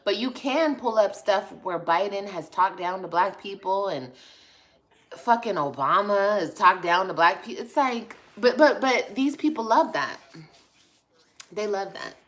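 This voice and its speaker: A woman's voice: mid-range voice, expressive, measured pace, fairly bright tone. A woman vlogger ranting on a livestream, blunt, profane and passionate, reading and answering viewer comments. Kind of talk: livestream rant.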